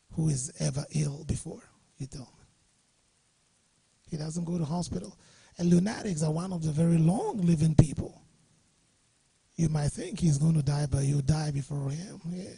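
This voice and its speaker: A middle-aged man, speaking in a low, dark, husky voice with some gravel in it. He tells stories in a jovial way and laughs at his own points. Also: no room sound. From Ghana. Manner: jovial storyteller, chuckling often. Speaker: guest speaker. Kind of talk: anecdotal talk to a workshop audience. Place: studio or workshop room.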